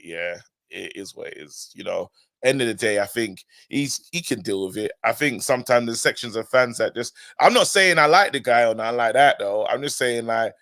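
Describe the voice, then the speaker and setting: Lively slangy man host. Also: mid-range voice, normal speed, dry recording. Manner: animated, laughs a lot, slangy. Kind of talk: casual fan call-in chat.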